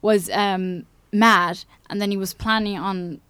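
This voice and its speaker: A woman's voice: mid-range voice, fairly even intonation, slow pace, clear, resonant tone, no echo. Chatty woman with a dry close sound. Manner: rambling, chatty, trailing off softly. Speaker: podcast co-host. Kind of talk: casual film discussion.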